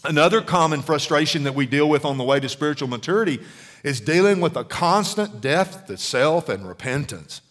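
A middle-aged man preaching in a casual, conversational style. His voice sits somewhat high for a man, and he keeps checking in with the congregation through questions. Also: animated, fairly quick, a bit bright. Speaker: pastor. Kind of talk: sermon.

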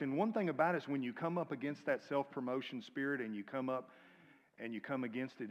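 A man preaching a sermon, swinging from loud, urgent calls to quiet near-whispers and calling on the congregation to repeat his lines. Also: medium pitch, animated, quick pace, dull audio. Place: church sanctuary. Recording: long reverb of a large hall.

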